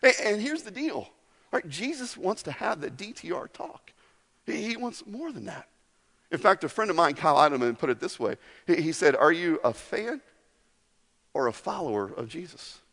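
A man's voice: high-pitched, very animated, moderate pace, creaky, a bit bright. A man preaching a sermon to his congregation in a casual, conversational way, acting out little asides as he goes. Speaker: pastor. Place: large church hall. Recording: long hall reverb.

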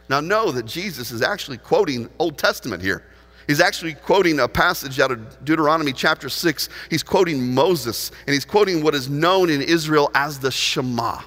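A man in his forties, a pastor preaching a sermon with animated storytelling that swings between loud and hushed. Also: on the high side, moderate pace. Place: church auditorium. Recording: long hall reverb.

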